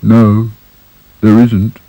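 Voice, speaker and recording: A man's voice: on the low side, monotone, extremely slow, warm tone, dry recording, low-quality recording. A man voicing a gloomy, clumsy male rag doll in a storybook cartoon, with a glum, sighing manner. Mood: stubborn.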